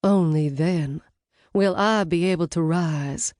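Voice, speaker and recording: A woman's voice: fairly low pitch, takes it slowly, dark tone, no echo, studio quality. A woman putting on a sultry scheming seductress. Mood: ominous.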